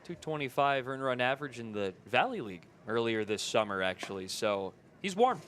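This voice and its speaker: A man's voice: medium pitch, very animated, fairly quick, fairly bright tone, a little hiss or hum. A man with a Midwestern accent calling baseball play by play, his voice jumping up on big plays. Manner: rises sharply on big plays. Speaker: play-by-play broadcaster.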